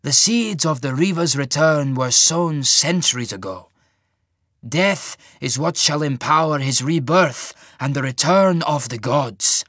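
Guy doing a slow creepy-kind old mage lord, dry close sound. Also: a little high, no echo, pitched above the performer's own voice, heavily acted. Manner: slow, measured, softly menacing. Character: old rotund male mage lord, genial and sinister.

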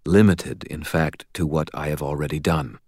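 A man voicing a calm, sorrowful male archangel in an audiobook, speaking in a measured, quietly firm way. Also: extremely low pitch, no echo, studio quality. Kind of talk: audiobook character voice.

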